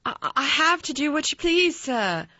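A woman's voice: mid-range voice, animated, normal speed, a bit bright, no echo, lightly acted. A woman voicing a timid, kindly young housemaid. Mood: faltering. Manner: broad dialect, nervous faltering. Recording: slightly dull dry recording.

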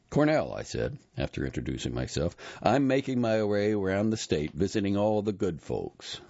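A man's voice: very deep voice, a little mellow, breathy edge, no room sound. A man reading a first-person story aloud in a wry, dry storytelling manner. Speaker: narrator. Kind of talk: first-person audiobook narration. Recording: slightly dull, dry recording.

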